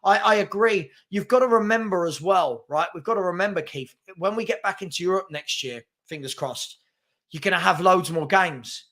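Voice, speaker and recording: Hosting his daily live football stream, a man chats casually and with plenty of energy, his voice sitting a little above most men's. His speech is full of fillers and false starts, and he sharply calls out anyone who's rude in the comments.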